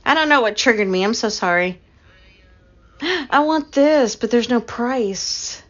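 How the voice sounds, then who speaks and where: A middle-aged woman hosting a casual live stream, chatty and quick to laugh as she talks to her chat. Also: fairly high pitch, animated, fairly bright tone. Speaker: livestream host. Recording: dull lo-fi stream audio.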